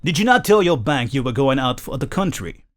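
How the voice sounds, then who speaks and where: A man's voice: medium pitch, very animated, brisk, lightly acted. A man doing a rude, impatient cabbie with a put-on British accent. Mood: scornful. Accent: attempted British. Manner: curt, scornful. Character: impatient rude male cab driver.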